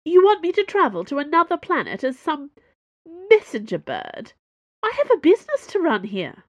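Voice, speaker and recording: Woman voicing a scornful businesswoman, sharp, mocking, audiobook, dry close sound. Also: medium pitch, expressive, moderate pace, no echo, voice pushed up. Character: sharp-tongued woman workshop owner, scornful.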